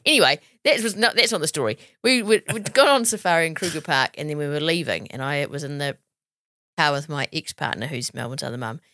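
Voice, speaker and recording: A woman's voice: sits low, animated, brisk, bright, forceful tone, no echo, clean studio sound. A woman co-hosting a podcast, chatting and telling a story in a blunt, laughing way. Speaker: podcast co-host. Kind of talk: casual chat, storytelling.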